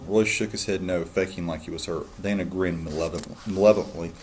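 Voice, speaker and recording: A man, a teacher, calmly reading a novel aloud to his students. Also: deep voice, a little fast. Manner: calm, steady storytelling.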